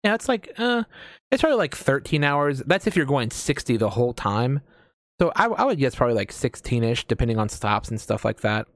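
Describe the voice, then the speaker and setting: A man's voice: medium pitch, very animated, a little fast, fairly bright tone, dry recording, clean studio sound. An American man in casual chat as a host, rambling with lots of fillers and casual swearing. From United States.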